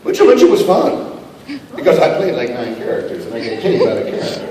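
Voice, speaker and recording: A man in a convention panel Q&A, animated and joking, often laughing as he answers questions. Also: on the high side, fast talker, a little hiss or hum. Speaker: voice actor panel guest. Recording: echoey convention hall, far mic, loud crowd.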